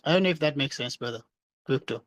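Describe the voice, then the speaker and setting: A man's voice: mid-range voice, quick pace, fairly bright tone, no room sound. A man hosting a podcast discussion, explaining his point earnestly over an online call, often restarting words as he goes. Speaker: podcast host. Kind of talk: casual discussion.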